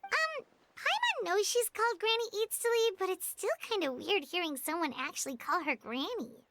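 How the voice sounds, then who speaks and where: A woman voicing a tiny, excitable female companion sprite who talks about herself in the third person, in a video game. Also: very high-pitched, moderate pace, a little hiss or hum, exaggerated voice. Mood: puzzled.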